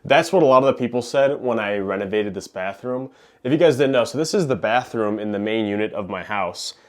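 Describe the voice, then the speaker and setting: A man's voice: on the low side, lively intonation, fairly quick. Chatty young man vlogging at home. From New Hampshire, USA. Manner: chatty, jokey, talks to camera while working. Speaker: fish-keeping vlogger. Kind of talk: casual vlog chat. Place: home basement and rooms.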